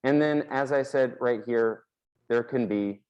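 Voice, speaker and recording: A man's voice: mid-range voice, unhurried, a little mellow, clear, resonant tone, lo-fi sound. Male math teacher, casual board lecture, plain mid-range voice. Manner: casual, explanatory, with fillers; talks while drawing on a board.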